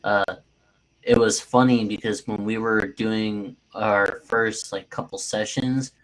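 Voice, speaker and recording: A man's voice: on the low side, steady tone, takes it slowly, rough recording. A man chatting casually, rambling with hesitant fillers. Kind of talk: casual chat.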